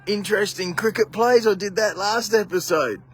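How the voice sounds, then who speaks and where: A man with an Australian accent commentating a local cricket match live while filming it outdoors on a camera mic, chatty and excitable, laughing often. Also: high-pitched, normal speed, slightly rough.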